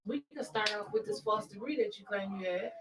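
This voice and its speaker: A woman's voice: mid-range voice, fairly quick, a bit bright. A woman co-hosting a political talk show, chatty and telling stories while agreeing often with her co-host. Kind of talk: casual political talk, storytelling. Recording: distant mic with crowd chatter behind.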